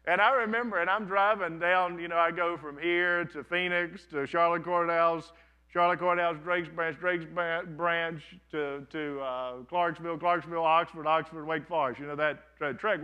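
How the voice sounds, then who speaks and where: A pastor in his thirties gives a conversational sermon before a congregation in a church sanctuary, telling stories and often restarting his sentences. His voice is high, bright and forceful, on a low-quality recording.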